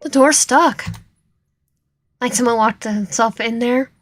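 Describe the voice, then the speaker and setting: A woman streaming a visual novel, reading its narration and dialogue aloud with lively reactions, now and then dropping to a whisper. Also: a little high, slow. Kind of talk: reading game text aloud while playing.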